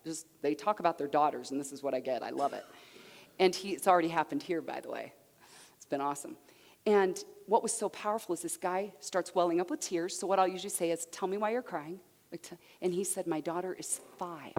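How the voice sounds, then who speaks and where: A woman giving a conference talk to men, lively and acting out the people she quotes. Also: on the low side, brisk. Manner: animated, acts out quoted voices. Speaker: seminar speaker. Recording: long hall reverb.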